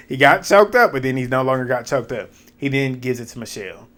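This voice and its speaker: Animated man recapping reality TV. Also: a little fast. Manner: animated and opinionated, laughing, breaking into high mocking quotes. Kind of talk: casual episode recap with commentary.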